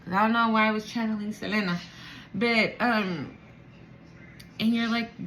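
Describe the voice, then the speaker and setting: A woman giving a channeled spiritual reading to viewers, emotional and animated, swearing casually. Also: mid-range voice, a little slow, pauses often, a little hiss or hum, low-quality recording. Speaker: spiritual reader.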